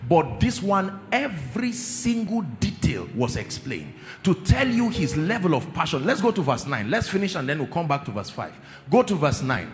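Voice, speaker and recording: A male preacher delivering a sermon, stretching key phrases out slowly and often asking the congregation whether they follow. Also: on the high side, big pitch swings. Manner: emphatic, drawn-out repetitions, asks the congregation questions. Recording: reverberant hall with faint music.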